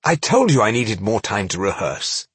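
A man voicing a boastful, theatrical male impresario with a husky voice in an audiobook. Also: fairly low pitch, big pitch swings, moderate pace, a bit bright, no room sound, heavily acted. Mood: wry. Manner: showy, brash. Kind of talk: audiobook character voice.

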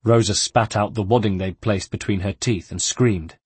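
A male narrator reads a novel aloud in a measured, steady way. His voice sits low with a husky edge. The recording is dry and close, with no room sound. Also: dry recording. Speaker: audiobook narrator. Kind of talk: scripted narration.

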